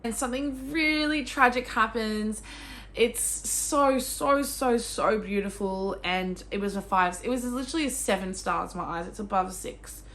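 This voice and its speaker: A young Australian woman talking casually about books as a vlogger, gushing and excitable, with sudden squeals and swearing. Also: on the high side, measured pace. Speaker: book vlogger. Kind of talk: casual chat.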